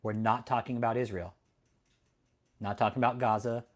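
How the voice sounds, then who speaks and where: A man's voice: mid-range voice, level tone, moderate pace. A man hosting a livestream, talking casually and heatedly to his chat, swearing a lot and often laughing. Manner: talks directly to chat viewers. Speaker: livestream host.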